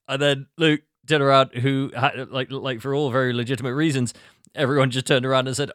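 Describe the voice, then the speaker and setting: A man hosting a casual podcast chat about a film, talking in an animated, rambling way. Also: mid-range voice, fairly quick, no room sound, clean studio sound. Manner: animated, rambling, acts out quotes. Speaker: podcast host.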